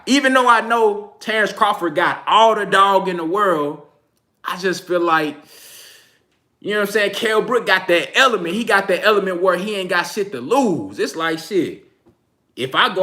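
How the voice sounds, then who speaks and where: Male streamer, Texan accent, casual boxing chat, high voice, quick to laugh. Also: sharp tone. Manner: loose, slangy, laughs often. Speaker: boxing channel host. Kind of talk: casual livestream commentary.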